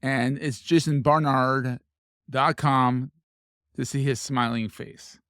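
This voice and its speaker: A man's voice: medium pitch, fairly even intonation, takes it slowly, fairly bright tone, clean tone, no room sound, studio quality. A man hosting a podcast interview, casual and enthusiastic, full of praise for his guest. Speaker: podcast host.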